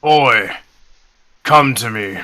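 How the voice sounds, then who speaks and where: A man's voice: mid-range voice, very slow, bright, forceful tone. A man voicing an imposing father who has come to claim his son, speaking in short commands. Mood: commanding.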